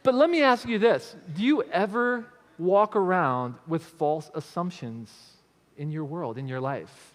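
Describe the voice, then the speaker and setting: A man's voice: sits high, measured pace, in a large hall. A man giving a motivational stage talk on creativity, telling stories and often checking in with the audience with tag questions. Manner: storytelling, with frequent tag questions. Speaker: speaker on creativity.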